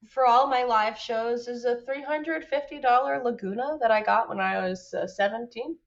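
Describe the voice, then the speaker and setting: A woman's voice: fairly high pitch, normal speed, creaky, hardly any pauses, muffled recording. A woman from France chatting playfully as a musician guest in an interview, joking and laughing easily. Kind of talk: casual interview chat.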